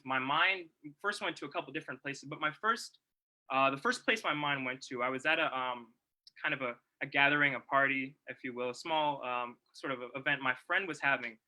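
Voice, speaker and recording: Halting young man with a sharp tone. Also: medium pitch, rough recording. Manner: halting and thoughtful, with many pauses and restarts. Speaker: presenter at a livestreamed celebration. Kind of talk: reflective spoken presentation.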